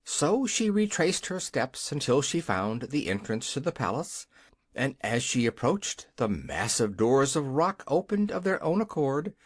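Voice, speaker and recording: An audiobook narrator reading a children's fantasy story in an expressive storytelling way. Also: mid-range voice, dry recording, clean studio sound. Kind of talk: scripted narration.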